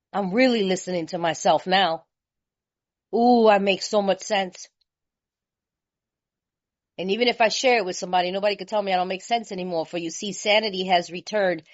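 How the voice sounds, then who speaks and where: A woman from California speaking at a recovery meeting, telling her story in a lively, colloquial way and laughing often. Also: medium pitch. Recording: slightly muffled lo-fi recording.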